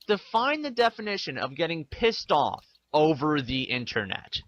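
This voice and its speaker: Ranting defensive man, bright voice. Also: a little high, big pitch swings, normal speed, hardly any pauses, no echo, lo-fi sound. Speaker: video maker ranting to the camera. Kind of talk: angry vlog rant.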